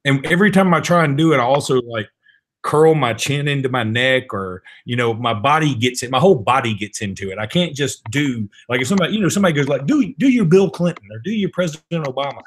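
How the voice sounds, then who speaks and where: A man's voice: mid-range voice, quick pace. A man co-hosting a podcast, rambling and laughing as he tells stories. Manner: animated, laughing, rambling storyteller. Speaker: podcast co-host. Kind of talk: casual chat.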